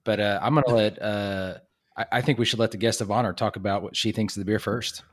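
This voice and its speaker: Low-voiced man in a dry room. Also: fast, no echo. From Kentucky. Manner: relaxed, filler-heavy talk. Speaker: co-host of beer tasting. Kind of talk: casual chat.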